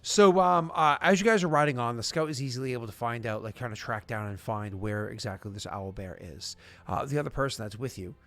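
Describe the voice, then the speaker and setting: A man runs a tabletop game, narrating in a loose, chatty way with plenty of fillers. His voice sits at a middle pitch. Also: lively intonation, fairly quick, a bit bright, a little hiss or hum. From United States. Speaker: game master.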